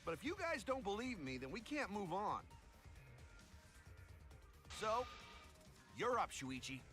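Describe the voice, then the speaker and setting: A man's voice: sits high, very animated, measured pace, bright, forceful tone, soft background music, exaggerated voice. A man voicing a cocky young man in a mech suit in a video game, breezy and brash.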